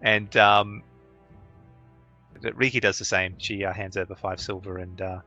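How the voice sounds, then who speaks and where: A man narrating a tabletop role-playing game as game master, halting often with ums and uhs. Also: sits low, lo-fi sound, soft background music. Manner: relaxed, halting narration with many fillers.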